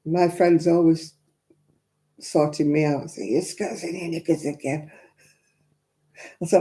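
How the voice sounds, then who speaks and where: Chatty English woman with a dark voice. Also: low-pitched, steady tone. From England. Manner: chatty, frank, quick to laugh, answering viewers' comments. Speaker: crafting livestream host. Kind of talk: chatty livestream talk.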